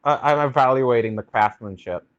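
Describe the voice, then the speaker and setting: A man's voice: mid-range voice, normal speed, fairly bright tone, dry recording. A male tabletop player with a hesitant, stammering delivery. His voice sits mid-range and comes through a dull, lo-fi mic. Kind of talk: in-character tabletop role-play.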